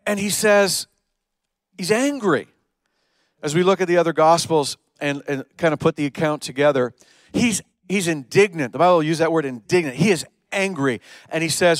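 A pastor preaching a sermon in a fairly high voice. He retells the story with drama, dropping to a hush and then rising to a strong, emphatic push. The sound is close and dry. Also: no room sound. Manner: storytelling preacher, swings between hushed and emphatic.

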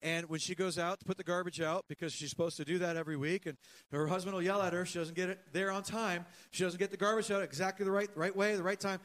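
A man preaching a sermon as pastor, animated, often repeating words and calling for the congregation to respond. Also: high voice, fast talker.

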